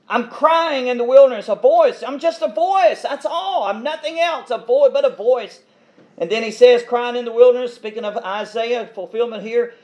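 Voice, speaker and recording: A man's voice: very high-pitched, expressive, normal speed, darkish tone. A man preaching an expository sermon, reading scripture verses aloud and then explaining them with emphatic repetition.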